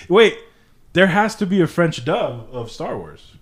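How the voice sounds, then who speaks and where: A man's voice: mid-range voice, big pitch swings, a little slow. A man hosting a podcast in loose, profane casual chat, laughing a lot. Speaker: podcast host.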